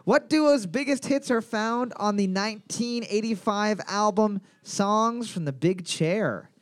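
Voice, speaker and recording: High-voiced man hosting trivia night. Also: smooth, no echo, clean studio sound. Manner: reads each question twice, joking asides. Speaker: trivia quiz host.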